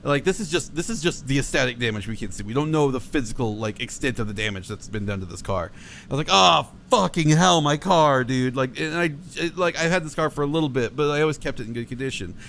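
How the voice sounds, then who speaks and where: A young man telling a road-trip story on a podcast, swearing a lot and acting out his own shouts. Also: mid-range voice, fast talker, a little hiss or hum. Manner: profane, animated, acts out his own shouts. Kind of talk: casual storytelling chat.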